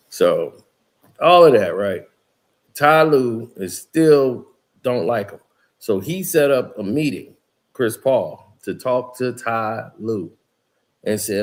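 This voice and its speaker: A basketball channel host tells a locker-room story as a casual monologue, slangy and emphatic, acting out what people said. His mid-range voice is animated, and he speaks slowly.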